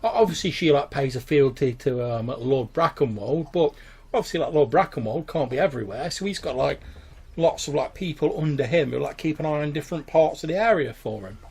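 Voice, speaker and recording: This is a rambling, gossipy young country-town guard, as a man puts him on. His voice sits a bit high with a gravelly, husky edge, and he stumbles through his lines full of "like" and "uh". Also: animated, fairly quick, a little mellow. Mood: chatty. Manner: rambling, hesitant, full of fillers.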